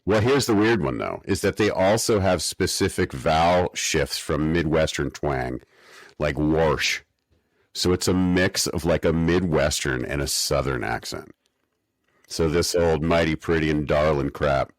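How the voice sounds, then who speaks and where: Very deep-voiced man, wry podcast co-host. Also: unhurried, no room sound. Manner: wry, mock-academic rants. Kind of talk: casual chat recapping an episode.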